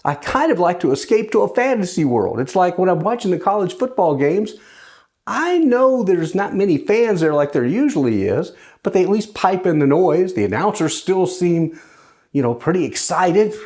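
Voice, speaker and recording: A man's voice: high-pitched, very animated, normal speed, a little mellow. A man hosting a personal monologue show, talking in a conversational, wry way, sometimes sarcastic, as a widower living alone. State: widowed, grieving. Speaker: host.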